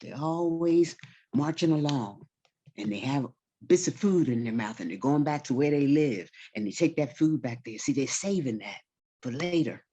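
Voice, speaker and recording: A woman voicing her calm, wise old grandmother, who patiently teaches the children a lesson. The grandmother speaks slowly and gently. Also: very deep voice, slightly rough, exaggerated voice. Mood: calm, teaching. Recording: slightly dull recording.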